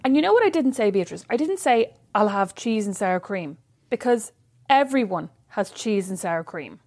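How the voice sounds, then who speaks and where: A woman's voice: mid-range voice, big pitch swings, moderate pace, a little mellow. A woman chatting casually with her sister. She tells her stories dramatically and swears freely. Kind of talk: casual chat between sisters.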